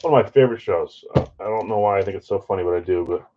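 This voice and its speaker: A man's voice: fairly low pitch, racing, noisy background. Chatty self-mocking man, lo-fi stream. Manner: self-deprecating, chatty, talks to chat viewers. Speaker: live card break host. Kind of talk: casual live-stream chat. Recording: slightly dull lo-fi stream audio.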